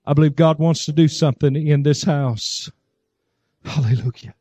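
A man's voice: fairly high pitch, level tone, normal speed, dark tone, no echo. A male pastor preaching a sermon to his congregation, telling a story and rising to fervent cries of praise. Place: church service.

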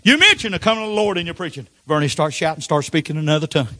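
An older man preaching a Pentecostal sermon, telling folksy stories with frequent amens and sudden shouted outbursts. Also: a little high, animated, rapid-fire, dry recording.

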